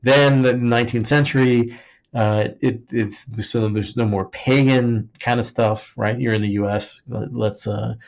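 This man's voice is medium-pitched and gravelly, with a steady tone and an unhurried pace. Co-hosting a podcast, he jokes his way loosely through some history, leaning heavily on "like" and often starting sentences over.

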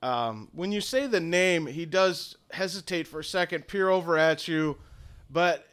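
A man narrating as game master, casual and halting, with many fillers. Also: a little high, a bit bright, smooth.

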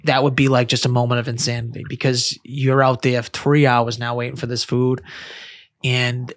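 A man co-hosts a casual podcast and keeps cutting in with crude jokes and quick remarks. His pitch is ordinary. He sounds loose and ribbing. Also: little pitch movement. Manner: joking, crude interjections. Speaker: podcast co-host. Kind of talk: casual chat.

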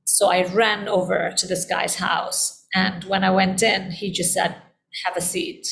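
A woman's voice: medium pitch, level tone, a little slow, vocal fry, fairly bright tone. A middle-aged woman, a guest in a conversation, telling a personal story in an earnest, heartfelt way and repeating phrases for emphasis.

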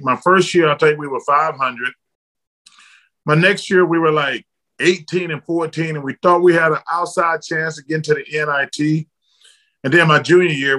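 A middle-aged man from Alabama, a former basketball player telling blunt, lively stories as a guest in an interview. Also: fairly high pitch, low-quality recording. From Alabama, United States. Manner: lively, blunt storyteller, casual slang. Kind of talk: candid storytelling in an interview.

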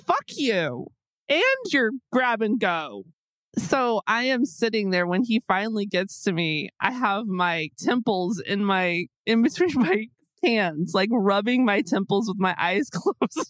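Host, woman, lively storyteller with big pitch swings and dry close mic; acts out her own quotes. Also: no echo. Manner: animated, acts out her own exasperated quotes, swears freely. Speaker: podcast host. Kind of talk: casual storytelling chat.

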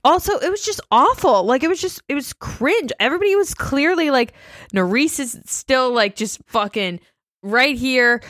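A woman's voice: high-pitched, animated, normal speed, fairly bright tone, dry recording, studio quality. Gossipy sarcastic woman podcaster. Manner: gossipy, sarcastic, laughs often. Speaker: podcast co-host. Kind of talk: casual reality TV recap chat.

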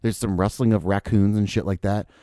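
A man's voice: fairly low pitch, steady tone, brisk, warm tone, no echo, clean studio sound. A young adult man, a musician, telling a long story in casual podcast chat, rambling with lots of fillers and swearing. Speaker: guest musician.

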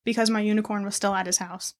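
A woman's voice: medium pitch, steady tone, fast. A young woman co-hosting a podcast, telling childhood stories in casual chat and laughing often. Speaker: podcast co-host.

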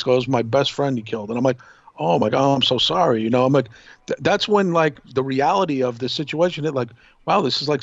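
New york dude rambling thru a story on a podcast, lots of restarts, gravelly voice. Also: male voice, mid-range voice, no echo, lo-fi sound. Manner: rambling, animated, many restarts. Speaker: podcast co-host. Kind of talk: casual storytelling chat.

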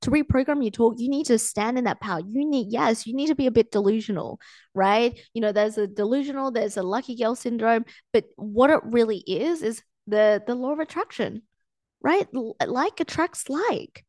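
This young woman's voice runs on the high side with a darkish tone at a normal speed, in a dry recording. Hosting her own coaching podcast solo, she talks chattily, leaning heavily on fillers and voicing her thoughts as quotes.

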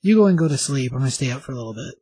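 A man voicing a calm, dismissive demon woman who schemes in secret, during a casual retelling. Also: medium pitch, rapid-fire, breathy edge, dry recording.

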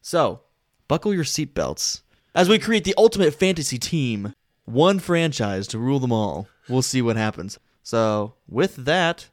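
A man's voice: medium pitch, big pitch swings, measured pace, no room sound, clean studio sound. A man co-hosting a podcast in casual banter, upbeat and playful. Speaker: podcast co-host.

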